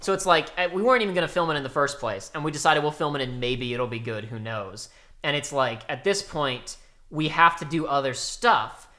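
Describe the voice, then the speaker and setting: A young man talks through a casual podcast chat as co-host, rambling and animated. His voice is bright and a touch high. He keeps circling back and restarting his thoughts. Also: fairly quick. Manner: animated, rambling, acts out quotes loudly.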